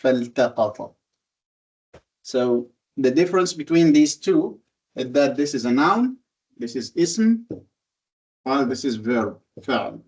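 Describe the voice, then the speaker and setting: A man's voice: mid-range voice, lively intonation, a little slow, darkish tone, breathy edge. A man teaching a classroom lesson on Quranic reading. He talks patiently, explains step by step and repeats his examples. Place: classroom with a board.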